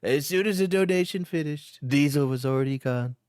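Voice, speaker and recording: A man's voice: a little high, brisk, noisy background. A young man, a streamer, reading fanfiction aloud for laughs and often cracking up. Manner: amused, often breaking into laughter.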